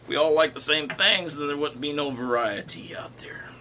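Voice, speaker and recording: High-voiced man chatting between songs. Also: normal speed, background noise. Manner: easygoing chatty asides with chuckles. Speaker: rockabilly singer and show host. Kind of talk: live-streamed music show, singing with guitar and chatting between songs. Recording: loud guitar music under the voice.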